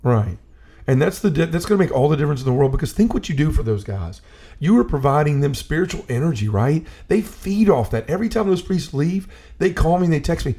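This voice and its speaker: Man, gravelly voice, mellow tone, earnest storytelling, casual faith talk. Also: a little high, very animated, fairly quick. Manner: earnest storyteller, restarts and repeats himself. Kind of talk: casual conversation about faith.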